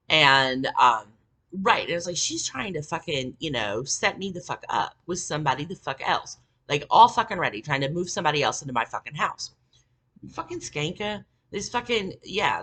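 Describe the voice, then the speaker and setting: A woman with a low, husky voice rambles through a story, swearing constantly and leaning on fillers. Her pitch swings widely as she talks, and her tone has a bright, sharp edge. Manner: rambling, profane, many fillers. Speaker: vlogger. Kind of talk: casual storytelling monologue.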